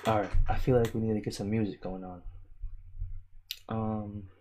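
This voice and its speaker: A man's voice: on the low side, little pitch movement, normal speed, dark tone, a little hiss or hum. A young man hosting a casual livestream, talking loosely with slang and swearing, laughing often and reading viewer comments aloud with affection. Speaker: livestream host.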